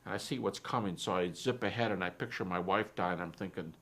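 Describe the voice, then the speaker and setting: A man, a Christian philosopher, giving a personal testimony talk in a reflective, soft-spoken way, retelling conversations as dialogue. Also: low voice, brisk.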